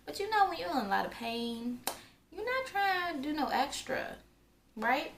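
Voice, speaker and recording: A woman's voice: high voice, very animated, normal speed. Chatty young woman in an echoey room. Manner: chatty, lots of "like" fillers. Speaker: vlogger. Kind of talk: casual storytelling. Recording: roomy echo, faint background noise.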